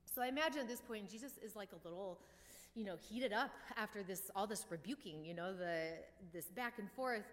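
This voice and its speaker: A woman delivers a sermon in a relaxed, conversational way, dropping wry jokes between points. Her voice sits at an ordinary middle pitch for a woman. A long reverb trails behind her words, as in a church. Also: brisk. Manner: casual and wry, with joking asides. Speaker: preacher.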